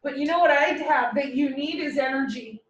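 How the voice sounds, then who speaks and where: A woman's voice: high-pitched, normal speed, echoey room, distant mic, muffled recording, close to an everyday voice. A woman voicing a small, boastful male prokaryote cell in a classroom dramatization. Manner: boastful, offering a deal. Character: tiny cocky male prokaryote cell, eager.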